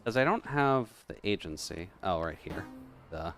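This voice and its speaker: A man's voice: deep voice, animated, normal speed, a bit bright, soft background music. A man chatting casually on a live game stream, rambling and joking with viewers. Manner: rambling, joking, laughs often. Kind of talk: casual live-stream chat while gaming.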